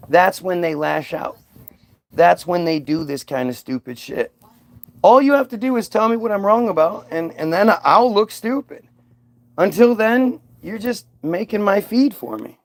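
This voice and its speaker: A man's voice: high voice, dry recording. A man ranting sarcastically on a livestream, answering viewer comments in a combative, mocking way. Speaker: streamer reacting to viewer comments.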